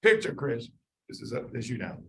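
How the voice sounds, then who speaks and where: A man teaching a live medical review class, quizzing students and talking through the reasoning in an animated way. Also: medium pitch, rough recording. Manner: animated, quizzes students, quick asides with sudden quiet drops. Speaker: medical board review lecturer.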